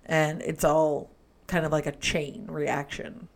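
A woman with a notably low voice co-hosts a relaxed film chat. She is animated, laughs easily and jumps in over her co-host. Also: takes it slowly, creaky. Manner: animated, laughs often, cuts in. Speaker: podcast co-host. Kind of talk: casual movie review chat.

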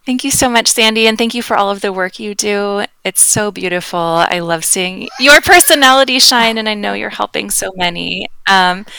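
Calm female guest, bright and smooth, slight vocal fry, talks gently. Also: medium pitch. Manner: calm and gentle, thoughtful pauses. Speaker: yoga teacher and author, podcast guest. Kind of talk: casual interview chat.

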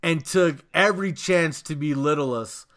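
A man's voice: on the high side, normal speed, a bit bright. A man co-hosting a casual podcast, telling rambling stories and swearing freely. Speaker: podcast co-host.

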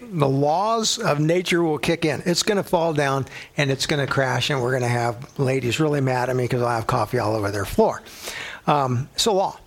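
A man's voice: mid-range voice, moderate pace. A middle-aged male pastor teaching a sermon in a conversational way, telling personal stories and using a coffee cup as a prop.

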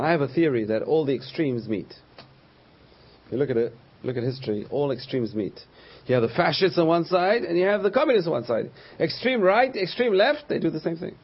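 Husky man giving a Torah class. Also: on the high side, highs cut off. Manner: storytelling, acts out quoted voices. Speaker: rabbi teaching a class.

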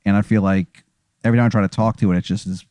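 A man's voice: fairly low pitch, steady tone, rapid-fire, dark tone, smooth, no room sound. A man playing a tabletop game, laid-back, laughing easily and swearing casually. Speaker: player.

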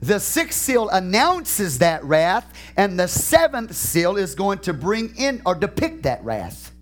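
A man pastor preaching a sermon in a church, fervent and questioning, with shouted peaks and slow drawn-out phrases. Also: high voice, big pitch swings.

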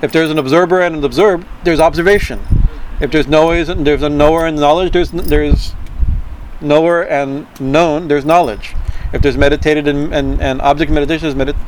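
A man giving an informal talk on Tantra philosophy. He speaks haltingly, repeats words and keeps asking "right?". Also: a little high, steady tone, slight background noise, rough recording. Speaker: spiritual teacher.

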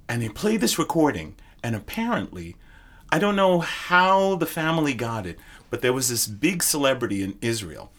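An older man tells stories with a lively voice that leaps up and down, and his tone is bright and forceful. He slips into laughter as he talks and jumps between voices in his tales. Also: mid-range voice, moderate pace. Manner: animated storyteller, bursts into laughter. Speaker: guest drummer. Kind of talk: casual podcast storytelling.

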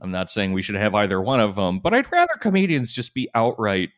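Deadpan dude on a podcast, really swoopy up and down voice, dry jokes. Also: male voice, lowish voice, a little fast. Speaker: podcast co-host. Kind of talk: casual comedic chat.

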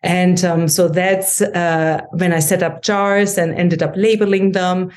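A woman's voice: fairly low pitch, steady tone, a little slow, darkish tone. A woman in her forties from Germany with a German accent, chatting as a podcast guest, with frequent ums and easy laughter. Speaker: guest, kitchen organizing business founder. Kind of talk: casual interview chat.

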